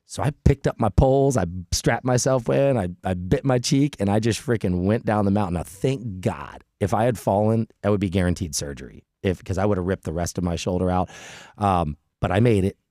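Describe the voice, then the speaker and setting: A middle-aged man hosting a podcast, telling a story in an animated, chatty way with frequent restarts. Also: fairly low pitch, fairly quick, no echo, clean studio sound. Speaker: podcast host. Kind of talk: casual storytelling chat.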